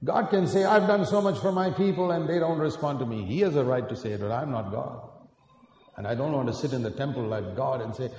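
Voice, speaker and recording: A man preaching a sermon with earnest storytelling, climbing to emphatic peaks and then dropping quiet. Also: mid-range voice, animated, a little fast. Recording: echoey hall, picked up from a distance.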